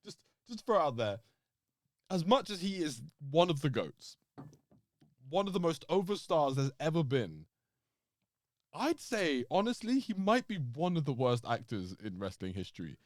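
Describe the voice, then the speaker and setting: Lively, laughing male podcast co-host. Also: fairly high pitch, normal speed, no room sound, studio quality. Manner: animated, laughs often, swears, acts out quotes. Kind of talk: casual chat.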